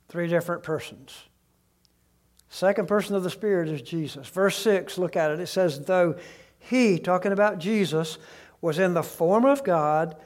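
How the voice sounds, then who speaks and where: Slow, high-voiced male preacher. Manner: slow, deliberate preaching with soft, hushed drops. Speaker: pastor. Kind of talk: sermon. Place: outdoors beside a tree.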